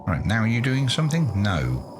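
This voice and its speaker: A man's voice: on the low side, huge pitch swings, fairly quick, music in the background. A man doing let's play commentary, muttering to himself in a self-mocking, exasperated way. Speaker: gaming YouTuber.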